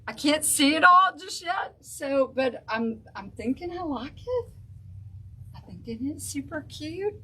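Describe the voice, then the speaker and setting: Slow, chatty woman crafting. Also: high-pitched, expressive, pushed and bright, low-quality recording. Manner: chatty, thinking aloud while working. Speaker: craft show host. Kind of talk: casual craft livestream chat.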